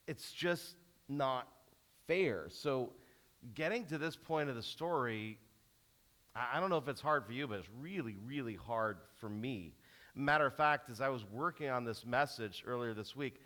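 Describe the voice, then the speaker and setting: A middle-aged male pastor giving an animated sermon, stumbling and restarting often as he tells a story. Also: mid-range voice.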